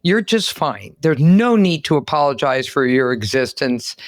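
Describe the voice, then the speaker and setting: A woman hosting a podcast interview, an animated, exclamatory storyteller. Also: very deep voice, measured pace, no room sound, studio quality. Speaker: podcast host. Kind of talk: lively interview chat.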